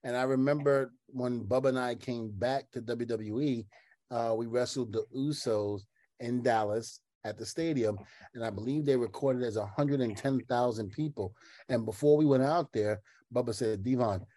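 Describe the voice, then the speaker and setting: A man in casual podcast chat, telling lively stories and acting out the quotes in them. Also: mid-range voice, normal speed, dry recording. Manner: animated storyteller who acts out the quotes in his stories.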